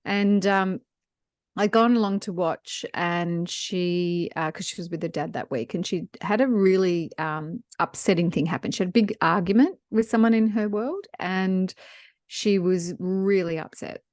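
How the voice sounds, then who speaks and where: A woman co-hosts a business podcast. Her voice sits low and sounds close and dry. She tells personal stories with animation. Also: unhurried, no echo. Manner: warm storyteller, animated when retelling scenes. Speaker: podcast co-host. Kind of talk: casual business podcast chat, storytelling.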